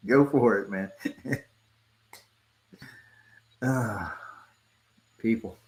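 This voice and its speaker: A man's voice: lowish voice, low-quality recording. A man hosting a live stream, chatting casually and laughing often with his guests.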